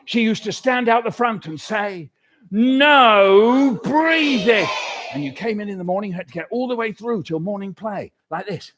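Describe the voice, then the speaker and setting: A man's voice: sits high, a little fast, few pauses. An older man telling comic stories to a hall of children and getting them to join in. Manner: animated, leads audience call-and-response. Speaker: children's author performing. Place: hall at live awards event.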